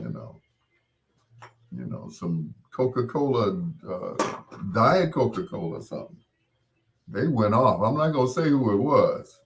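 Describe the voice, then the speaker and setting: A man's voice: medium pitch, sing-song, unhurried, long pauses. A man hosting his show, telling a casual story, laughing as he acts out the people he quotes. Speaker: host.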